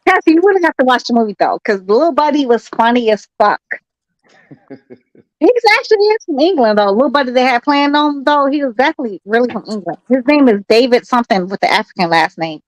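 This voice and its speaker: A woman in a casual group chat, animated and slangy, talking over the others. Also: on the high side, fast, few pauses, no echo, rough recording. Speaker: chat participant.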